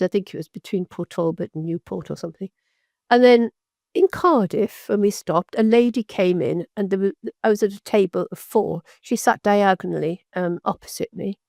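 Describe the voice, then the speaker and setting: A woman's voice: medium pitch, gravelly, a little mellow, no room sound. An older woman from Britain tells long anecdotes in a guest interview. Her delivery wanders, with plenty of false starts and repeated words. The sound is close and dry, with no room in it. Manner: rambling, halting with many restarts. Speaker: physician guest. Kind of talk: storytelling interview.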